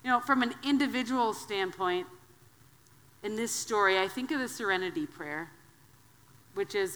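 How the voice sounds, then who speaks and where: A woman from Wisconsin, in her thirties, preaching a sermon as a guest preacher, telling personal stories in a conversational, animated way. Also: medium pitch, normal speed, long pauses. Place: church sanctuary. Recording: long hall reverb.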